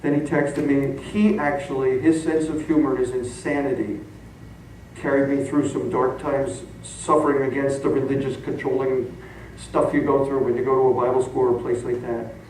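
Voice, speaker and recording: A man's voice: mid-range voice, moderate pace. A middle-aged man preaching a sermon, telling stories and laughing along as he goes. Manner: animated, laughing storyteller. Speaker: pastor. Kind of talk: sermon storytelling. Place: church sanctuary. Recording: echoey hall from far off.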